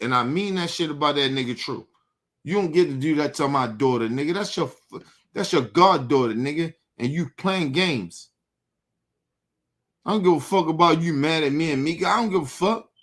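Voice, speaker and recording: A show host with a voice on the high side, a bit bright, delivers an angry, profane monologue to his audience. He repeats himself and challenges his target directly.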